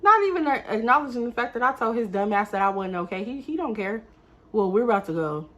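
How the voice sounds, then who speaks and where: A woman's voice: fairly high pitch, lively intonation, fast, fairly bright tone. A young woman telling a casual storytime straight to camera. She keeps turning to her viewers to vent her exasperation. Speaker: vlogger.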